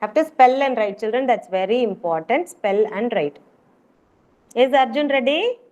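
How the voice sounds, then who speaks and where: A woman's expressive, slightly high voice has a darkish tone and moves at normal speed. With an Indian English accent, she runs an online preschool class, encouraging the children through repeated call-outs, and the video-call sound is muffled.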